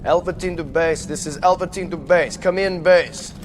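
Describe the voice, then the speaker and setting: An actor playing a gruff male soldier with a put-on Russian accent, calling urgently over the radio. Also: on the high side, steady tone, normal speed, soft background music, natural voice. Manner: urgent, barking radio calls. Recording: film clip with vehicle noise.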